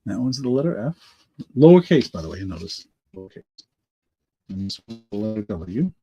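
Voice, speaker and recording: Man, middle-aged, auction host, congested, slightly raspy, low voice, rambling, dry close sound. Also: lively intonation, quick pace, darkish tone, no room sound. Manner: rambling, self-correcting, talks to chat viewers by name. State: congested from allergies. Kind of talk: live-stream auction chat.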